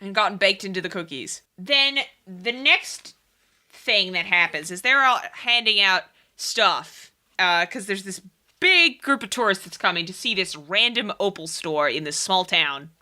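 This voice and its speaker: A woman's voice: mid-range voice, animated, sharp tone. A woman co-hosting a podcast, recapping a book in casual chat with a playful, teasing manner. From outside America. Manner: playful, teasing, quick to laugh. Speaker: podcast co-host.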